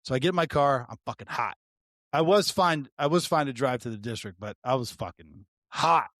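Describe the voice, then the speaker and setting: A man co-hosting a podcast, telling a story in loose, animated chat. He swears often and trips over his own restarts as he goes. His voice sits at an ordinary mid pitch and sounds close and dry, with no room echo. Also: a little fast. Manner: profane, animated, frequent restarts. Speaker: podcast co-host, retired deputy.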